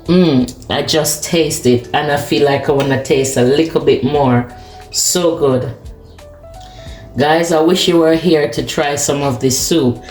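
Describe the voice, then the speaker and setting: A woman chats to viewers while cooking in her home kitchen, tasting and savoring the food in a casual cooking vlog. Her voice is low, unhurried and a little mellow. The kitchen is echoey with cooking noise, a boiling pot and faint music behind.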